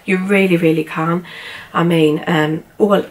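A woman's voice: on the low side, steady tone, measured pace. A middle-aged British woman chatting casually to camera in a home vlog, gushing and rambling with lots of fillers. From United Kingdom. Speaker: vlogger. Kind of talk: casual haul vlog chat. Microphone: camera on a tripod, then handheld.

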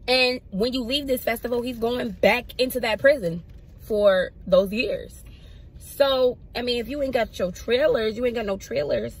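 A young woman vlogger telling a casual storytime, animated and slangy, swinging her pitch up for emphasis. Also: slightly rough, rough recording.

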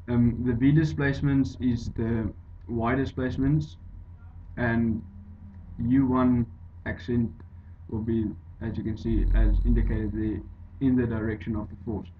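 A man explaining an engineering derivation over slides in a halting way, with many fillers and restarts. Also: medium pitch, flat delivery. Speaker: engineering tutor. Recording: dull lo-fi voice-over with faint hiss.

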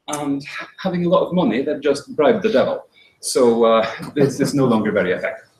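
A man's voice: fairly high pitch, slight background noise. Wry man telling a tale, echoey room. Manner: wry, dry humor, halting restarts. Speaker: speaker. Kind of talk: storytelling talk. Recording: roomy echo.

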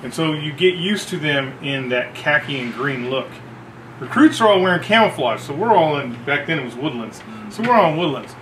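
A man telling a profane story about boot camp among coworkers, acting out shouts as he goes. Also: fairly high pitch, normal speed, reverberant, slight background noise, rough recording. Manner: animated, swearing, acts out shouts. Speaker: former Marine telling a story.

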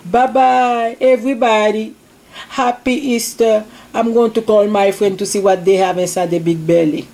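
A woman voicing a fed-up female Easter egg who speaks slow, broken English. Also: mid-range voice, steady tone, warm tone, close to an everyday voice. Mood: fretful. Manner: slow, broken non-native English grammar.

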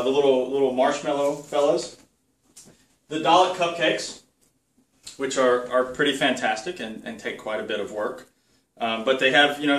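A man hosting a casual home vlog, enthusiastic and excitable, talking in his dining room during a party. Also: medium pitch. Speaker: video host. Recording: roomy sound from a distance.

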